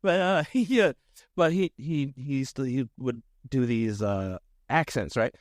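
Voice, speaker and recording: Middle-aged comic guy on a podcast, rambly and self-deprecating, mid pitch, dry close sound. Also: unhurried, no echo. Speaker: guest comedian. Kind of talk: casual podcast chat.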